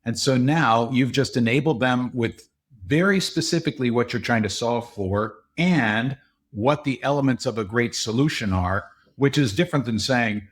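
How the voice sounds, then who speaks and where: A middle-aged man speaking as a podcast guest at a mid pitch. He explains things at length in a conversational way. Now and then he jumps up in pitch to act out what other people say. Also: normal speed. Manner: explanatory, acts out quoted dialogue with raised pitch. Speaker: podcast guest, leadership consultant. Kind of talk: conversational interview.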